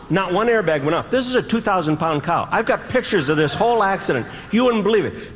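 A man with a high voice tells a stand-up story to a live crowd, stretching words for drama and making noises along the way. His voice rings through a long-echoing hall, and the room's hum runs clearly underneath. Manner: animated, dramatic pauses, sound effects. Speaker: stand-up comedian. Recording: live hall with audience ambience.

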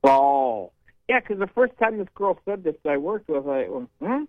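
A man's voice: high-pitched, animated, a little fast, no room sound. A man calling into a radio show, chatty and blunt, telling stories. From Northeast Ohio. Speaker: caller. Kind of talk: casual call-in chat. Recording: tinny phone line.

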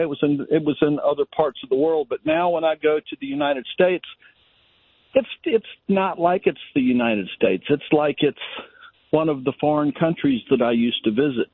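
A man's voice: a little high, slightly rough, no echo. An older male caller from Virginia, giving his opinions in an emphatic, rambling way. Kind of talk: call-in radio opinion. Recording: dry phone line.

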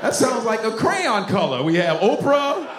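Animated male stand-up comedian. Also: high voice, moderate pace, music in the background. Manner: loud, animated, profane delivery. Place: comedy club stage. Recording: roomy club with crowd laughter and noise.

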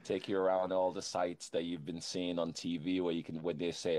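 Deep jovial guest. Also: male voice, flat delivery, fairly quick, a little mellow, a little hiss or hum. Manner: jovial, hospitable. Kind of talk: remote interview.

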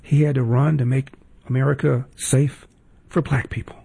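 A man with a gravelly voice hosts a political commentary segment. His tone is sarcastic and indignant, and there's a husky edge to how he talks. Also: mid-range voice, level tone, a little fast, a little mellow. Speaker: host.

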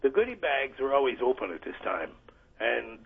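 A man's voice: medium pitch, sing-song, normal speed, vocal fry, husky. A man calling into a radio show, blunt and cynical, over a tinny phone line. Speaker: caller. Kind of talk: phone-in chat.

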